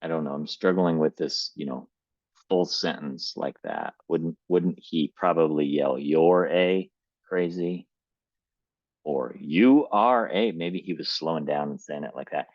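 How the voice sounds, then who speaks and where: Very deep-voiced man critiquing a manuscript. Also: steady tone, no room sound, lo-fi sound. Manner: thinks aloud, tentative and measured. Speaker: writing coach. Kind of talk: live manuscript critique, reading aloud and commenting.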